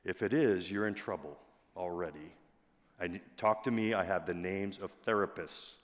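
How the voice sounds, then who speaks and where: A man with a fairly low voice preaches to his congregation in an easy, conversational way. He keeps asking the listeners questions as he goes. His voice carries a long reverb from a large church hall. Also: normal speed. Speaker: pastor. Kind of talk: sermon.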